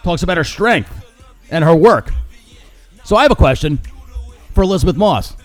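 A man's voice: on the high side, animated, moderate pace, no echo, faint music behind. A man hosting a solo podcast, ranting with sarcasm and mockery about current events. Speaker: podcast host. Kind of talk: opinionated solo commentary.

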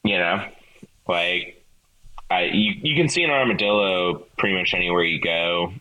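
A man with a mild Texan twang talks in a low, bright, forceful voice as a podcast guest. He stumbles through restarts and fillers, candid and a bit profane. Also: low-quality recording. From Texas. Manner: halting, many restarts and ums, candid and profane. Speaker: podcast guest, metal guitarist. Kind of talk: casual interview chat.

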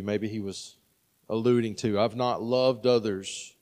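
A man's voice: on the low side, steady tone, a little slow, darkish tone, long reverb tail. A man in his thirties preaching a sermon in a conversational way, often checking in with "right?". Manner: conversational, frequent "right?" asides. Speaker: pastor.

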